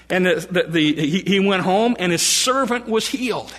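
A man preaching a sermon, retelling scripture stories in plain everyday speech, animated, with frequent restarts. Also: high voice, moderate pace, big-room sound, noisy background.

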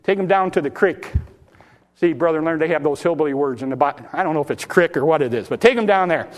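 A man preaching a sermon, folksy and impassioned, acting out Bible stories in plain talk. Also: racing. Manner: impassioned, pitch rising when exhorting; acts out Bible dialogue in folksy speech.

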